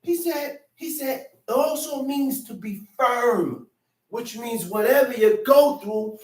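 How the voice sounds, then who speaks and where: A woman's voice: a little high, slow pace. Woman preaching from across an echoey hall. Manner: emphatic call-and-response preaching, repeating lines. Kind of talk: sermon. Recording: echoey room from far off.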